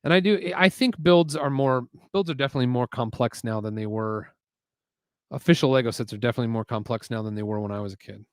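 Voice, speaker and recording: Male streamer host, casual and chatty, mid-pitched voice, dry close sound. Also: fast talker, dry recording. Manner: chatty, muses aloud, reads chat messages. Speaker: LEGO building livestream host. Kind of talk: casual livestream chat while building. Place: home garage.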